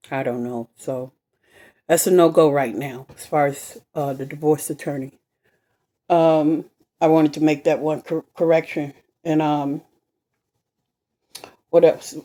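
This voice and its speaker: A woman telling a personal story to camera in an animated, emphatic way, swearing freely and repeating herself. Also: low-pitched. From west side of Chicago. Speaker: vlogger.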